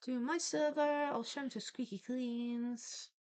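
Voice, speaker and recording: A woman's voice: sits high, steady tone, unhurried, darkish tone, clear, resonant tone. A young woman chatting casually on a live stream, greeting viewers by name in a playful, giggly way. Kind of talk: casual live-stream chat while drawing.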